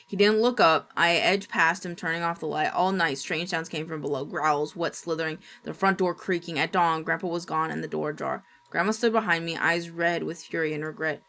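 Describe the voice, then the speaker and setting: A woman streamer reading a horror story aloud in steady, dramatic narration. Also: deep voice, a little fast, hardly any pauses.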